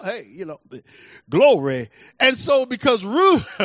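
A man preaching a sermon as a pastor, swinging between fervent declarations and hushed asides. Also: very high-pitched, wildly swooping pitch, takes it slowly, dry recording, dull audio.

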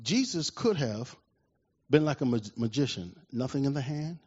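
A man preaching a sermon in an animated way, often asking the congregation questions, with a husky voice. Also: medium pitch, normal speed. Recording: dull lo-fi recording.

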